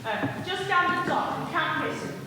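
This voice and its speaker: A woman's voice: very high voice, lively intonation, moderate pace. Brief: rambling, fussy squire, played by a woman, heard from far off in a big echoey hall. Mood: pompous. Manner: fussy, rambling, stumbling over words. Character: pompous, chatty adult gentleman squire. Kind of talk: high school stage acting. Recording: distant echoey hall, noisy.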